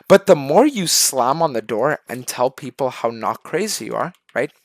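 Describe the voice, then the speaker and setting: A man's voice: fairly high pitch, animated, moderate pace, few pauses, dry recording. A male streamer telling an absurd story in a casual, profane rant.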